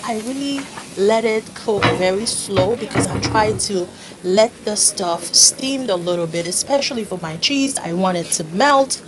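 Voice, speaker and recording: A woman's voice: medium pitch, noisy background. Chatty woman cooking in her kitchen. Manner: chatty, laughs at herself, talks to viewers as "guys". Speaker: home cooking vlogger. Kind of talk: casual cooking demonstration. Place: home kitchen.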